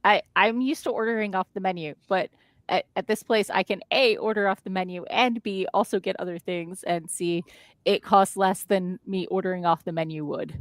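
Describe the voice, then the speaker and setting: A woman's voice: mid-range voice, fairly even intonation, normal speed, dry recording. A woman chats away on a livestream, bouncing between stories and reading out comments from viewers. Her voice sits mid-range and comes through close and dry, with no room sound around it. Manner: chatty, reads out viewer comments, frequent restarts. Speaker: stream co-host. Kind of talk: casual chat on a co-working livestream. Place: home living room desk.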